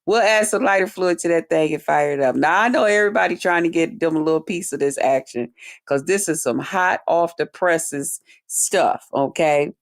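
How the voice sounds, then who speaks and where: A woman's voice: sits low, normal speed. Swearing, preachy woman host. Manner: preachy, emphatic, repeats catchphrases; swears freely, laughs often. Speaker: YouTube channel host. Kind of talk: casual commentary livestream.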